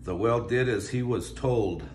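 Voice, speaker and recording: An older man, a grandfather, reading a children's picture book aloud with a chuckling, lively manner. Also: medium pitch, moderate pace, roomy sound, a little hiss or hum. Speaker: grandpa storyteller.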